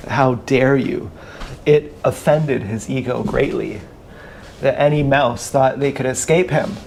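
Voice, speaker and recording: A man telling a meandering, profane story in a halting, casual livestream monologue, recorded on an action camera mic. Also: medium pitch, a little hiss or hum.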